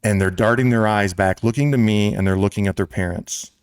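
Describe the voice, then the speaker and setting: An American man hosting a casual sports talk show, telling a long story with lively quoted voices. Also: fairly low pitch, brisk, clear, resonant tone, no echo, studio quality. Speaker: show host and club president. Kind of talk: storytelling in casual podcast chat.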